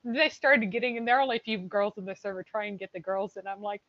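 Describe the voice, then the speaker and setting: An expressive woman with a low speaking voice, chatting casually on a livestream and telling stories with animation. Her pitch is mid-range, and the audio is a little muffled and lo-fi. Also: fast, hardly any pauses. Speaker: co-host of a livestream. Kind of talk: casual chat. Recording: slightly muffled stream audio.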